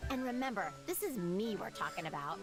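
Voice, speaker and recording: A woman's voice: medium pitch, sing-song, brisk. An actress voicing a cheerful, work-shy young woman warrior in a video game, speaking in a breezy, playful, self-mocking way. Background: game music.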